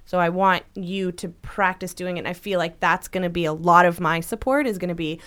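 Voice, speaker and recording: A woman's voice: fairly low pitch, brisk, fairly bright tone. A woman co-hosting a podcast, talking earnestly and reassuringly with a partner, often restarting her thoughts. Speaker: podcast co-host, supporting partner. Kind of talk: casual chat.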